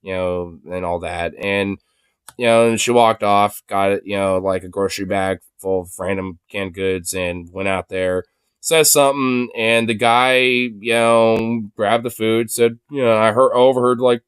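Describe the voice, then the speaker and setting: A man's voice: lowish voice, fairly even intonation, measured pace, smooth, dry recording, studio quality. A young man ranting casually, rambling with lots of fillers and swearing. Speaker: podcast host. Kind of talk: casual profane rant.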